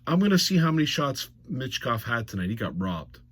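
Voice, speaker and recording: A man's voice: mid-range voice, big pitch swings, fairly quick, a bit bright, husky, no echo. A man recapping a hockey game in a blunt, mocking monologue that rises to exasperated outbursts. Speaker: hockey commentator.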